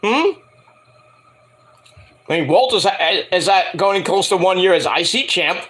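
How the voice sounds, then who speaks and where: A man's voice: high voice, expressive, unhurried, fairly bright tone. A man reviewing a wrestling show for his viewers, rambling and profane, with jokey asides. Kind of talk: casual rant to viewers.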